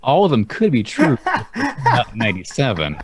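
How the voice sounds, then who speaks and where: A man's voice: mid-range voice, wildly swooping pitch, normal speed, a loud crowd. A man on a trivia podcast making short, dry remarks between questions. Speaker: quiz contestant. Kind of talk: casual banter on a podcast.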